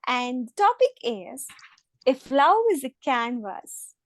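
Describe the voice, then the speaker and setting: Slow, high-voiced woman hosting a club meeting. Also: very animated, no echo. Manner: slow, deliberate, repeats questions. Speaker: table topics master. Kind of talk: meeting host prompts.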